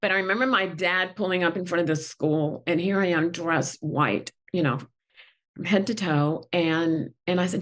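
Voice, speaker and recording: Woman guest, first language not English, deep voice, earnest and emotional storytelling. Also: moderate pace. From not from the country where she went to school. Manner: earnest, tearful at times, many fillers. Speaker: guest executive.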